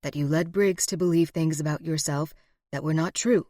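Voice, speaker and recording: A woman voicing a middle-aged man, a formal frontier lawyer, speaking in a measured, evasive way. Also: deep voice, fairly even intonation, dark tone, no echo, clean studio sound. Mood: cool. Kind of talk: audiobook character voice.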